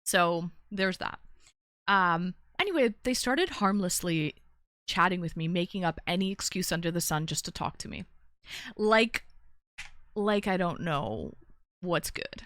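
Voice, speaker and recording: A woman's voice: on the low side, lively intonation, measured pace, a bit bright, dry recording, studio quality. A woman hosting a casual call-in live stream, rambling through a story and greeting chat as she goes. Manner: chatty, rambling, reads chat aloud.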